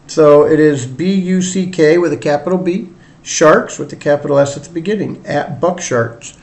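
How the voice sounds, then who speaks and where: A man's voice: a little high, normal speed, gravelly, darkish tone. A middle-aged man with a mixed Northern and Southern US drawl, hosting a casual solo sports show in a rambling, chatty, self-deprecating way. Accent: mix of Northern US and Southern US drawl. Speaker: sports podcast host.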